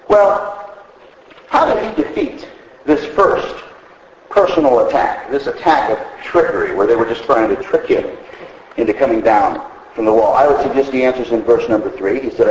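A man preaching a sermon, telling stories with animated delivery and acting out the characters' lines. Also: medium pitch, moderate pace, reverberant, rough recording. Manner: animated storytelling, voicing characters in quotes. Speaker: pastor.

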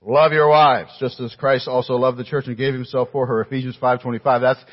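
A man's voice: medium pitch, fairly even intonation, fairly quick, lo-fi sound. A male pastor preaching a sermon to his congregation, emphatic, posing pointed rhetorical questions and speaking directly to the people in the room.

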